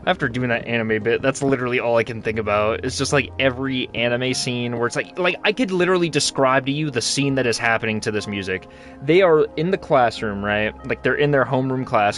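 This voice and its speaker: A man's voice: mid-range voice, a little fast, a bit bright. Slangy young man rambling over game music. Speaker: gaming channel host. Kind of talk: casual gameplay commentary.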